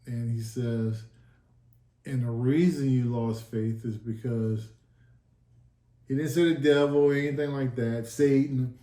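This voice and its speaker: Mellow-voiced man in an echoey room. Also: medium pitch, steady tone, measured pace, long pauses. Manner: earnest, emotional, acts out quoted dialogue. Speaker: guest telling his testimony. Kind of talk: casual sit-down storytelling.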